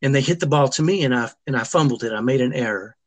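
A middle-aged man telling a personal family story as an interview guest, earnest and emotional, often restarting his sentences. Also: mid-range voice. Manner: earnest, halting, with frequent restarts.

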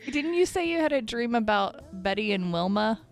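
A woman's voice: on the high side, expressive, normal speed, creaky. A young woman co-hosting a casual podcast, chatting and introducing songs with a jokey, giggly manner. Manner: giggly, jokey, breaks into laughter. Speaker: podcast co-host. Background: faint music.

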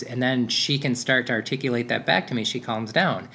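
A man in his thirties talks through his thoughts in a loose, rambling monologue. He restarts sentences often and leans on fillers, and his voice sits at a middling pitch. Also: normal speed, pushed and bright, slight background noise. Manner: rambling, self-interrupting, with frequent fillers. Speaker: podcast host, father. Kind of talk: casual reflective monologue.

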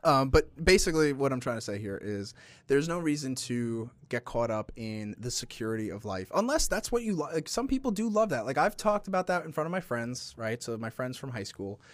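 A young man co-hosting a casual podcast, talking in an animated way and swearing now and then. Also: mid-range voice, a little fast, no echo. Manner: swearing, animated, slips into mock voices. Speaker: podcast co-host.

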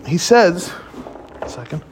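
A man, a rabbi, giving an informal weekly Torah talk, explaining the texts in a conversational way and quoting commentators in lively paraphrase. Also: high voice, slow, slight background noise.

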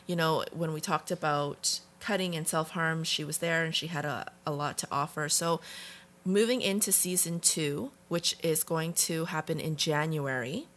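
Low-voiced woman cohosting a podcast, frank and thoughtful, swears a bit. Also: normal speed, fairly bright tone. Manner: reflective, frank, occasionally swears. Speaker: podcast co-host. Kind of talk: casual conversation.

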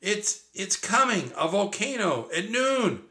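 A man's voice: medium pitch, expressive, normal speed, sharp tone. A man voicing a nervous, bookish young boy in a storybook reading, who stammers when scared. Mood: panicked.

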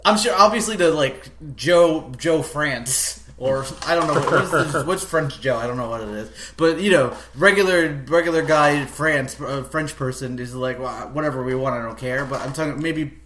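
A man's voice: a little high, normal speed, hardly any pauses, pushed and bright. An American man hosting a podcast in a casual chat, rambling and laughing often. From United States. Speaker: podcast host. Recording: echoey room, faint background noise.

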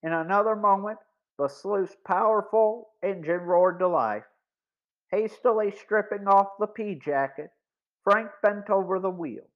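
A man narrating a boys' mystery audiobook in a measured, deliberate reading. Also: high voice. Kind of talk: scripted story narration. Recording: dull lo-fi recording.

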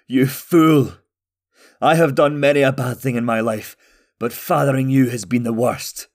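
A man voicing a cruel, bitter father who speaks with loud scorn in a fantasy audiobook. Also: mid-range voice, fairly even intonation, unhurried, pitched above the performer's own voice, natural voice. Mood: contemptuous.

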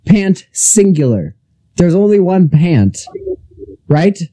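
A man co-hosting a casual podcast, chiming in with quick jokes. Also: high-pitched, big pitch swings, mellow, low-quality recording. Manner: joking, quick interjections. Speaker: podcast co-host. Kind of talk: casual chat.

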